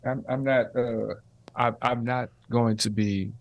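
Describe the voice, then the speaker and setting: A man's voice: medium pitch, fairly even intonation, a little slow, no room sound. A man hosting a podcast, laid-back and laughing, answering teasing with mock offense. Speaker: podcast host. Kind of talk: casual banter. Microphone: remote call.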